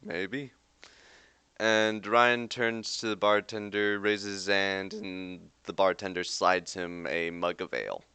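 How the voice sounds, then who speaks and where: A man's voice: low-pitched, steady tone, slow pace, sharp tone, clear, resonant tone, no room sound. A young man running a tabletop game as game master, narrating loosely with lots of "like". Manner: rambling with frequent "like" fillers.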